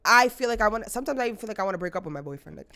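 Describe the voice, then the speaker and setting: A young woman co-hosting a podcast in casual chat, frank and blunt, swearing freely and talking in quick bursts. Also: mid-range voice, lively intonation, bright, forceful tone. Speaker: podcast co-host.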